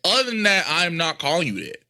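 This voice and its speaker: A man's voice: on the high side, a little fast, dry recording, clean studio sound. A young adult man hosting a podcast, telling stories in casual, profane chat. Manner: profane, animated storytelling. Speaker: podcast host.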